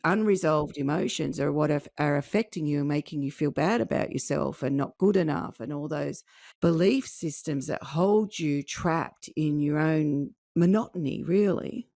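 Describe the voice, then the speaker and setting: A woman's voice: low voice, moderate pace, creaky, warm tone, dry recording, studio quality. A woman hosting an interview, talking earnestly and reflectively about emotions. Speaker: podcast host.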